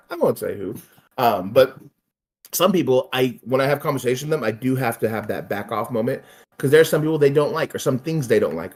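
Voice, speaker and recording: A man streaming a casual chat, animated and swearing, often mimicking other people in raised voices. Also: mid-range voice.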